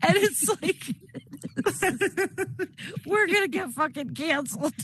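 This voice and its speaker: A woman's voice: very high-pitched, animated, slow pace, a bit bright, a little hiss or hum. A woman co-hosting a podcast, bantering in casual joking chat and giggling. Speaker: podcast co-host.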